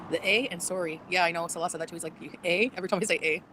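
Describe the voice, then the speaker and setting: A woman's voice: lowish voice, steady tone, quick pace. A middle-aged woman with an Ontario Canadian accent, chatting casually in a vlog as she walks outdoors on a city street. She rambles from topic to topic and laughs often. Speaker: vlogger. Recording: loud street and traffic noise. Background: passing cars and street noise.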